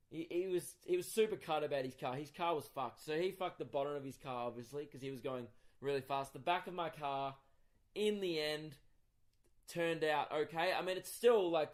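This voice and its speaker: A young Australian man, a comedian hosting his own podcast, tells a story in an exasperated, profane, animated rant. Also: on the high side. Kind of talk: casual comic storytelling monologue.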